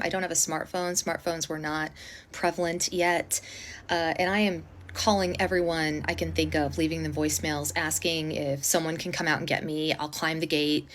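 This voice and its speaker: A woman telling a personal story in a casual storytime, animated and dramatic, with blunt swearing. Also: fairly low pitch, slight background noise.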